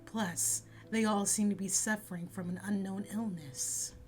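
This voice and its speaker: A woman voicing a cool, secretive female spy in a game, reading her lines in a calm, measured, low-key way. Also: soft background music, natural voice. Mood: sly.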